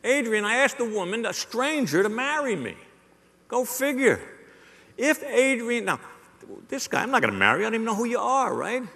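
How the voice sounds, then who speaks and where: Male keynote speaker, wry and teasing, gravelly edge, slightly high voice, long hall reverb. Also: sing-song, moderate pace, sharp tone. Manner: joking, audience-teasing, punchy repetition. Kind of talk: live conference keynote. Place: large hall on stage.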